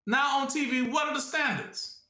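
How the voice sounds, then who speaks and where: Male preacher, high bright voice, call-and-response, casual delivery, roomy echo. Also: normal speed. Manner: rhetorical questions, congregation fills the blank; casual, colloquial speech. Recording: echoey room.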